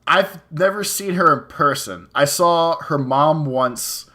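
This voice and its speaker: A man on a podcast telling a story in a casual, profane, animated way. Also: on the high side, slow. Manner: profane, animated retelling with acted-out quotes. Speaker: podcast co-host.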